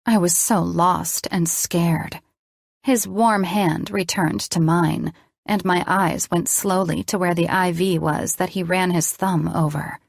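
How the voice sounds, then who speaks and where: A woman reads a first-person audiobook in a measured, expressive storytelling voice. Her pitch sits a little low. The recording is dry and close, with no room sound. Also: creaky, no echo. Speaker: audiobook narrator.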